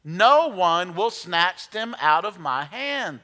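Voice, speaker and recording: A man with a high, bright voice preaches to his congregation in a church sanctuary. His tone is playful, and he has the people read verses aloud with him. A long reverb from the hall trails every phrase. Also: very animated, slow. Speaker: pastor. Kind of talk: sermon.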